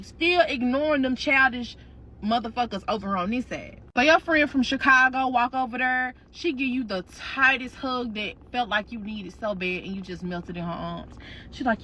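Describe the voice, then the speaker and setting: Sassy high-voiced woman telling a story. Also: animated, moderate pace, pushed and bright. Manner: sassy, profane, slangy and dramatic. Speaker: storytime creator. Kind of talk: second-person storytime narration.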